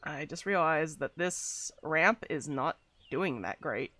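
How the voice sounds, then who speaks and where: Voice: medium pitch, lively intonation, takes it slowly, bright, forceful tone. A VTuber streamer chatting casually while playing a game, rambling and laughing often. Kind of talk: casual gaming stream chat.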